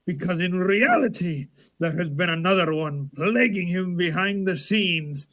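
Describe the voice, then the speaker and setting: A man's voice: high-pitched, unhurried, fairly bright tone. A man performing as a boastful vampire who claims Dracula's deeds, in a grandiose theatrical monologue. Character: boastful secret vampire rival of Dracula, male. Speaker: improv performer. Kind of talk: live improv monologue.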